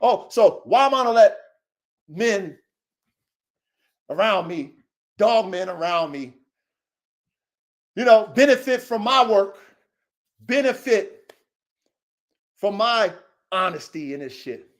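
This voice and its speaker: A man, rambling through a profane, repetitive, preachy monologue that swings between low mutters and loud outbursts. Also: animated, slow, long pauses. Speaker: dog breeder and vlogger. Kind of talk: casual unscripted monologue.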